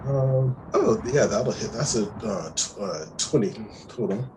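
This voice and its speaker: A man's voice: mid-range voice, lively intonation, measured pace, background noise. A man playing a tabletop game, chatting and laughing as he describes his character's turn. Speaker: player. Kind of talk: casual tabletop play.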